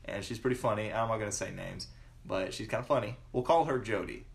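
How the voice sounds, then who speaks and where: A man's voice: lowish voice, quick pace, gravelly. A young man from the Southern United States casually telling funny workplace stories, laughing often and imitating coworkers. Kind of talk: casual storytelling chat.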